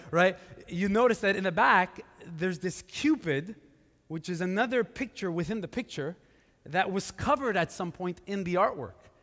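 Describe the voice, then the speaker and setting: A man's voice: high voice, fairly bright tone. A male pastor preaching casually and conversationally, with many fillers and restarts. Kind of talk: casual sermon. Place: church sanctuary. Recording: live church hall with long reverb.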